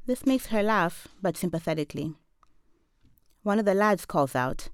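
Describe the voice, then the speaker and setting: A woman in her forties from Zambia reading a first-person literary story in a measured, deadpan, wry way. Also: fairly low pitch, no echo, clean studio sound. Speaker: professor and storyteller.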